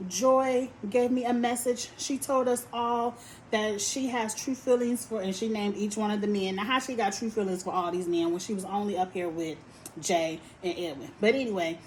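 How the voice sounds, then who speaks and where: A woman giving a sassy, animated recap of a reality dating show, talking straight to the cast. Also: mid-range voice, slight background noise, low-quality recording. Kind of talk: casual opinionated recap.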